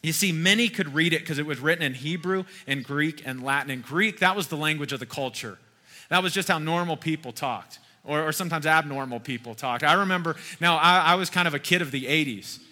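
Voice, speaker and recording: A man's voice: on the high side, a little fast, sharp tone, big-room sound. A man in his forties preaching a sermon in a folksy, conversational way, asking his listeners questions as he goes. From Kentucky. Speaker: pastor.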